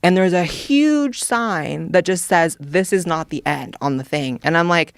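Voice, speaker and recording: A man appearing as a guest on a podcast, earnestly recounting a story and voicing the lines of the people in it. His voice sits a little higher than most men's. It is close-miked and dry, with no room sound. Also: lively intonation, measured pace, creaky, clean tone, no echo. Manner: earnest, chatty, quotes people in dialogue. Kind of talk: casual chat, storytelling.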